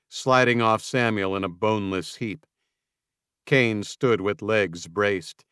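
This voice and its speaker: A man narrating a post-apocalyptic audiobook in a measured, even storytelling manner. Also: lowish voice, clear, resonant tone, no room sound, clean studio sound. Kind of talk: scripted narration.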